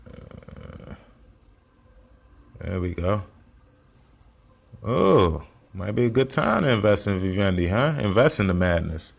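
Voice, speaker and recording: A self-taught investing teacher walks through a screen share, teaching casually with blunt slang, heavy swearing, and repeated points. His voice is lowish, sing-song, slow and creaky, broken by long pauses.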